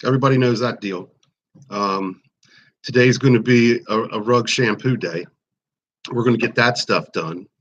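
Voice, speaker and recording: A man's voice: medium pitch, normal speed, long pauses, a little hiss or hum. Friendly Philly-man in his forties, hosting a loose live stream from home, chats to viewers by name; muffled lo-fi audio. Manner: friendly, rambling, greets chatters by name. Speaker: YouTube livestream host. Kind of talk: casual live-stream chat. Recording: slightly dull lo-fi stream audio.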